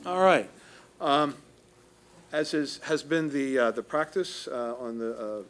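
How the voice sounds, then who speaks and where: A man speaks at a school board meeting, delivering formal recognitions in a measured way. He often stops to hesitate between phrases. His voice sits at an ordinary middle pitch. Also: fairly bright tone, slight background noise.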